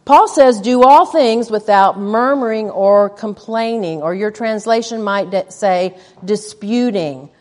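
A woman's voice: medium pitch, unhurried, hardly any pauses, darkish tone. A middle-aged woman teaching a women's Bible study in a chatty way, putting questions to the listeners and muttering asides under her breath. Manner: conversational, asks the audience questions, mutters quoted asides. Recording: long echo of a large hall.

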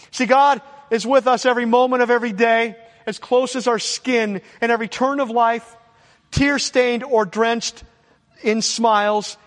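Male preacher, very high voice, fervent repetitive emphasis, long echoey reverb. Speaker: pastor. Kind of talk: sermon.

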